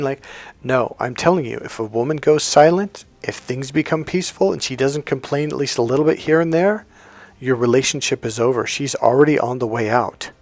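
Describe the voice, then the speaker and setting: A blunt, crude-talking man coaching on dating in a casual, animated way. He jumps into higher voices to act out the people in his stories. His voice is mid-pitched and sounds dry and close. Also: normal speed, dry recording. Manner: animated, acts out both sides of dialogues in higher voices. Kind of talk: casual storytelling advice.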